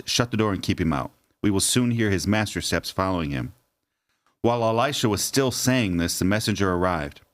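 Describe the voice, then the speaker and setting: Low-voiced man reading scripture slowly. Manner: jokey, laughs often, slows down to read aloud. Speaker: podcast co-host. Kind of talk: casual chat and scripture reading.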